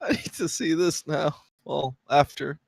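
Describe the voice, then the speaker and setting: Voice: mid-range voice, sing-song, a little slow, creaky, slightly rough, dry recording. A player at a tabletop game, goofy and giggly. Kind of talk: tabletop role-play.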